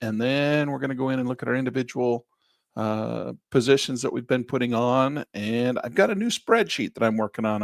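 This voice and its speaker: A chatty man leads a live trading class, his gravelly voice rising and falling with animated emphasis. He talks close to a dry mic with no room sound. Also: medium pitch, no room sound. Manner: chatty, animated, jumps between topics. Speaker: trading instructor.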